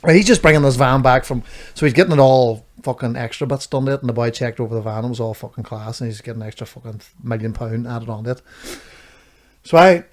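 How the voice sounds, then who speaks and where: A man's voice: medium pitch, quick pace. A man with a Northern Irish accent, co-hosting a podcast and telling rambling, sweary anecdotes in casual chat. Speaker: podcast co-host.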